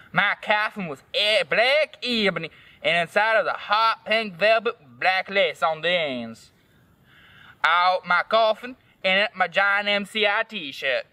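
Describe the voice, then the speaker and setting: A man's voice: high voice, sharp tone. A man reading a fan story aloud as host, in a comic, dramatic first-person narration.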